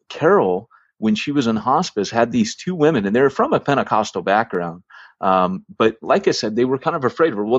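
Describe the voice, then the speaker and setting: Low-voiced man telling a church story. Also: no echo, highs cut off. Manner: anecdotal, lots of fillers and restarts. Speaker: church planting podcast host. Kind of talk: casual storytelling.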